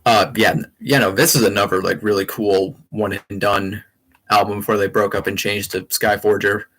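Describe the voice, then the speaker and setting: Young male streamer, lower-pitched voice, loose rambling chat with lots of fillers and restarts. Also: steady tone, moderate pace, a bit bright, breathy edge. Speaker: livestream host. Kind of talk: casual livestream chat.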